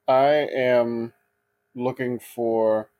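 A man playing a tabletop game on a stream, describing what his character does. He talks at a mid pitch, filling his pauses with ums. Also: steady tone, phone-quality sound. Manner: hesitant, with ums and likes. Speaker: player.

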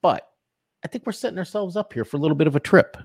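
A man co-hosts a relaxed market show, his voice rising and falling with plenty of animation. He talks through charts with vivid, joking turns of phrase. The sound is dry and close, with no room echo. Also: fairly high pitch, quick pace, slightly rough. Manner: lively, jokey, vivid chart talk. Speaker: co-host. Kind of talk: casual market commentary.

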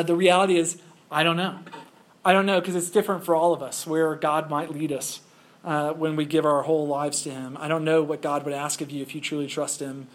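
A male pastor preaching a sermon in a conversational way, full of rhetorical questions. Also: on the high side.

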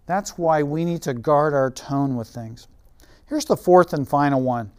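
A man preaching a sermon, telling stories and dropping to a soft, quiet voice for emphasis. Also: fairly high pitch, a little slow, smooth.

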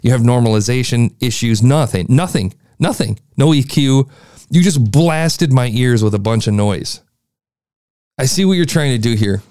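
A man's voice: medium pitch, expressive, moderate pace, mellow, no echo, clean studio sound. A man hosting a podcast, giving a blunt, exasperated critique of a listener's show. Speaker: podcast host reviewing listener shows.

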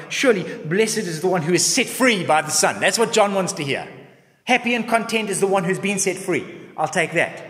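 A man preaching a sermon, telling the story expressively and asking reflective questions. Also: medium pitch. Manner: expressive storytelling, acts out voices. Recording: long reverb in a large hall.

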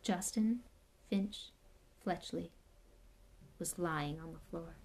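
A woman narrating a storybook with a steady, even reading. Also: fairly low pitch, slow. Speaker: audiobook reader.

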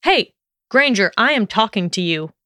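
Arrogant young male wizard, mocking and sharp, voiced by a woman narrator, dry close sound. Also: lowish voice, steady tone, a little slow, clear, resonant tone, dry recording, close to an everyday voice. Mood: demanding.

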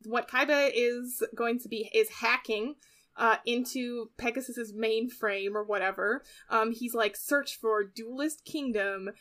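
A woman's voice: on the high side, a bit bright. A young adult woman co-hosting a podcast, chatting casually and giggling, with many "like" fillers. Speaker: podcast co-host recapping an anime episode. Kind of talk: casual chat.

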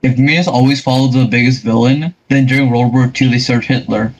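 A man's voice: mid-range voice, steady tone, a little fast, rough recording. A young man co-hosting a casual podcast, blunt and teasing as he throws out questions. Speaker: podcast co-host. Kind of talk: casual chat. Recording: faint background noise.

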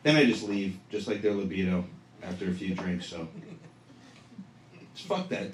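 Profane young stand-up comic in an echoey room. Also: male voice, deep voice, big pitch swings, a little slow, pauses often, slight background noise. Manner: loose, profane, riffing with the audience. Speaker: stand-up comedian. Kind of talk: stand-up set with crowd work. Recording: echoey room recorded from afar.

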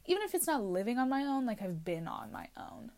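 A woman's voice: fairly high pitch, big pitch swings, fairly quick, darkish tone. A woman in her twenties talking anxiously to camera in a casual confessional vlog, rambling and questioning herself from inside a small closet. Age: 20s. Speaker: vlogger.

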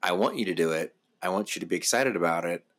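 Very deep-voiced reflective man. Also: quick pace, a bit bright. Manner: reflective, thinking aloud with fillers. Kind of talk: casual podcast conversation.

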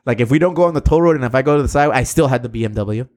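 A man in his thirties with a medium-pitched, slightly mellow voice talks very fast as a podcast co-host. In casual storytelling chat, he spins rowdy stories with laughs, swearing and Spanish slang.

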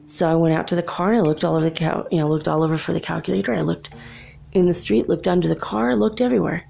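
A woman's voice: lowish voice, steady tone, fast, vocal fry, mellow. A young adult woman telling a personal story in a casual, chatty way, laughing often between remarks.

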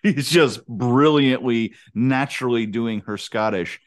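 A man's voice: mid-range voice, measured pace. A man co-hosting a podcast, casually and frankly giving his opinions about a film. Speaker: podcast co-host.

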